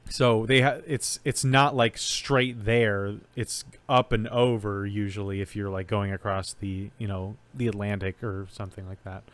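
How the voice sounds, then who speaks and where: A man's voice: fairly low pitch, fairly even intonation, moderate pace, few pauses, a bit bright. A man co-hosting a podcast in casual chat, rambling through guesses and making dry jokes. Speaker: podcast co-host.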